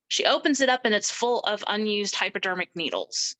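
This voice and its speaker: Middle-aged woman interview guest, bright forceful tone, emphatic storyteller who voices the people she quotes. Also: medium pitch, fairly quick, rough recording. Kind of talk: recounting a personal story.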